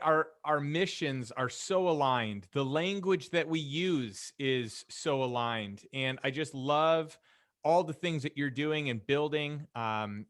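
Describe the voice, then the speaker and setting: A man's voice: mid-range voice, fairly bright tone, dry recording, clean studio sound. A man hosting a podcast interview, enthusiastic and complimentary toward his guest. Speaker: podcast host. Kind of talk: conversational interview.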